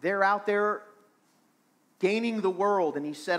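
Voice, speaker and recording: A man's voice: high-pitched, measured pace, long pauses, fairly bright tone. A man preaching a sermon as pastor of a small church, earnest and repeating phrases for emphasis.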